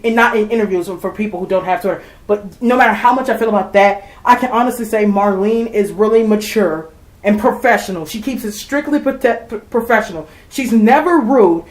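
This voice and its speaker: A woman's voice: medium pitch, darkish tone, roomy sound, low-quality recording. A woman ranting heatedly to her viewers, swearing and repeating herself as she vents. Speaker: vlogger. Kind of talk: angry rant to camera.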